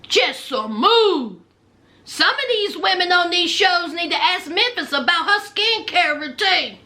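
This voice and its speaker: A Southern woman hosting a casual reality TV recap, her voice very high and swinging widely in pitch. She tells the story with sass, teasing and throwing playful shade. Her tone is bright and sharp. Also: moderate pace. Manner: sassy, animated storytelling with playful trash talk.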